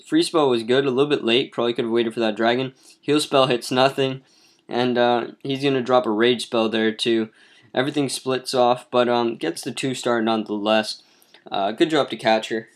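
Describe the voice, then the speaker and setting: A man's voice: medium pitch, moderate pace. A man casually narrating replays of mobile game attacks as clan leader, with lots of ums and restarts. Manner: relaxed, filler-heavy, self-correcting. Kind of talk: casual gameplay commentary.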